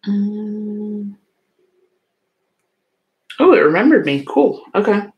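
A woman's voice: mid-range voice, expressive, takes it slowly, muffled recording, faint music behind. A young woman, casually chatting with viewers on a livestream, sleepy and yawning often. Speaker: livestream host.

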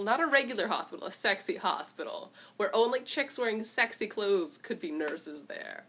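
A woman's voice: on the high side, fairly bright tone. A young woman vlogger ranting about a movie in casual, rambling, sarcastic chat into a camera mic.

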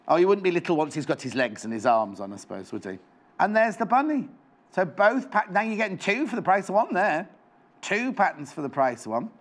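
Bubbly man selling on live TV. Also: high voice. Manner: chatty, bubbly, fussing over items on show. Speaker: shopping channel presenter. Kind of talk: live TV sales chat. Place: TV studio. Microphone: clip-on microphone.

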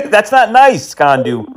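A man prank-calling phone scammers, teasing and mocking them and dropping in Hindi words and insults. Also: very high-pitched. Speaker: scam-baiting prank caller.

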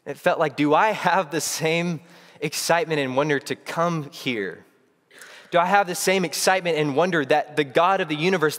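A man's voice: on the high side, fairly bright tone. A young man preaching a sermon to his church, earnest and reflective, often restarting his phrases. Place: church sanctuary. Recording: long reverb of a church hall.

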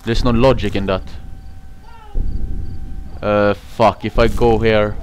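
Recording a horror let's play with a face cam and a cheap mic that picks up slight hiss or hum, this YouTuber speaks at a measured pace in a mid-range voice and pauses often. He uses simple non-native English and turns panicky when frightened, yelping and cursing.

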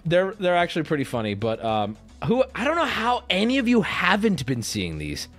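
A man's voice: high voice, normal speed, faint music behind. A man chatting casually and rambling on a live stream, swearing often. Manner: rambling, profane, animated.

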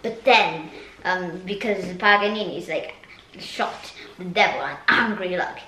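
A woman's voice: fairly low pitch, unhurried, bright, forceful tone. Female violinist vlogger, musing practice-room chatter, hesitant delivery; roomy echo, noisy background. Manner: hesitant, musing, with many ums. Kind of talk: thinking aloud during practice. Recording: echoey room with background noise.

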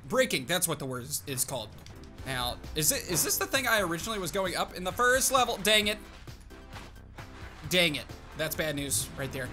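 A young man giving jokey gameplay commentary as a YouTuber, talking to himself and his car with sudden excited outbursts. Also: a little high, a little fast, soft background music. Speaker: gaming YouTuber.

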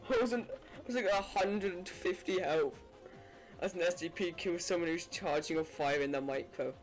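A British man streaming a game, excitable, laughing and swearing as he talks with other players. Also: high voice, moderate pace, soft background music. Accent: British English. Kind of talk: casual gaming livestream chat.

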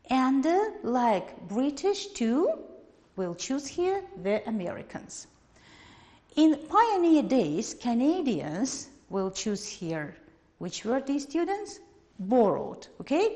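A woman teacher with an Azerbaijani accent, giving a lesson in English in a lively, emphatic way and repeating words for her students. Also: a little high. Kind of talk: televised classroom lesson. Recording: long hall reverb.

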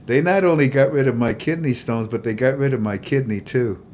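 A man's voice: mid-range voice, a little fast, background noise. Jovial older man hosting a livestream. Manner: jovial, greets viewers by name, laughs at own jokes. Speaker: livestream host. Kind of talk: casual livestream chat and prayer.

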